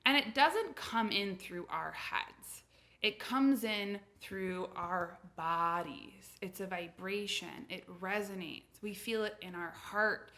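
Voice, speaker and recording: A young woman from the United States who coaches on intuition, talking casually to camera in a chatty, animated storytelling way. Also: medium pitch.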